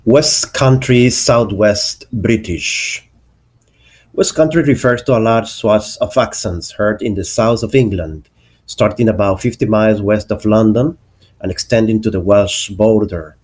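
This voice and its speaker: A man with a low voice walks through an English pronunciation lesson at a very unhurried pace. He says each example word carefully and deliberately, like a teacher showing how it should sound. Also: darkish tone, slightly rough.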